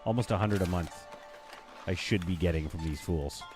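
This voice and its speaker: A man's voice: low voice, moderate pace, music in the background. A man streaming a strategy game, rambling and thinking aloud as he chats with his viewers. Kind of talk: casual gameplay commentary.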